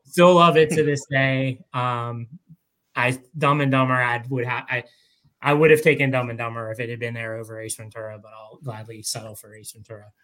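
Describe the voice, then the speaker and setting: A man's voice: mid-range voice, steady tone, fairly quick, fairly bright tone, poor audio. Chatty male panelist who trips over his words and restarts his sentences. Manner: rambling, self-correcting. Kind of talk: casual podcast chat.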